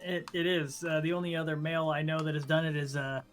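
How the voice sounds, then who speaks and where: A young man co-hosting a gaming podcast, trading deadpan jokes in casual chat. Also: a little high, quick pace, faint music behind. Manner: joking, deadpan banter. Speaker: podcast co-host.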